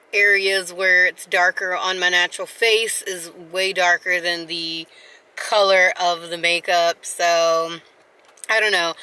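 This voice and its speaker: A woman's voice: mid-range voice, pushed and bright, clean tone. A woman, chatting casually and rambling to her viewers in a vlog. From South Carolina. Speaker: vlogger.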